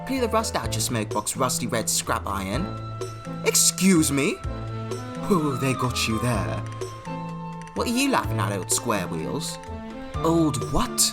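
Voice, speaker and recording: A man's voice: medium pitch, huge pitch swings, slow pace, pauses often, music in the background. A man voicing a crowd of talking train engines in a fan audio drama, trading prim, squabbling lines as he switches between them. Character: several talking steam and diesel engines, all male.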